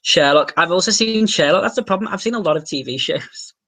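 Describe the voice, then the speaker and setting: A young man with an English accent, hosting a casual livestream and chatting excitably as he answers viewer comments, swearing now and then. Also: high voice, fairly quick, creaky. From England. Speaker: livestream host.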